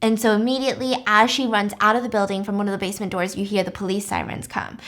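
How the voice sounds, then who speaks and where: A woman podcast host retelling a story in a casual, animated and wry way. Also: mid-range voice, fast.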